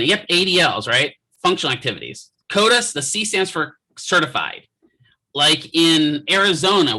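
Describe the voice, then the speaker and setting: On a rough recording, a man with a slightly high, bright, forceful voice delivers a physical therapy lecture to students from his office. Anecdotes and jokes fill the class, along with a steady stream of rhetorical questions to check in.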